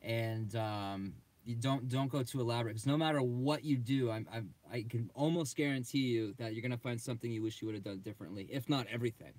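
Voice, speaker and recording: Male co-host, mid-range voice, relaxed and matter-of-fact, casual chat. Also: mid-range voice, brisk, hardly any pauses, dry recording. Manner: relaxed, practical advice-giving. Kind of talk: casual livestream Q&A.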